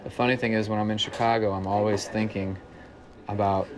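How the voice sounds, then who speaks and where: A man's voice: on the low side, level tone, brisk. A man from Central Illinois with a slight small-town country twang, telling stories in an easygoing interview, with plenty of "kinda" and "uh". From Central Illinois, United States. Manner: easygoing storyteller, many "kinda" and "uh". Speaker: musician interviewee. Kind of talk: relaxed interview talk. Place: working man's bar. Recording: noisy bar with crowd chatter. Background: bar crowd chatter.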